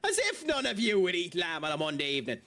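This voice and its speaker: Guy streaming, kinda high voice, bouncy, lots of ums and laughing at himself. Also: pushed and bright. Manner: chatty, laughs at himself, many fillers. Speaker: game streamer. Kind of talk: casual live-stream commentary.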